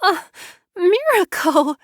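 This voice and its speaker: A woman reading the lines of a caring, emotional mother in an audiobook, speaking softly with a lifted voice. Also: very high voice, big pitch swings, slow, dry recording, clean studio sound, voice pushed up, heavily acted. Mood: tender.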